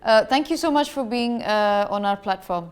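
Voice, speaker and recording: A woman's voice: mid-range voice, normal speed, clean tone. A woman spinal surgeon hosting an interview over a video call, friendly and a little hesitant, with many fillers.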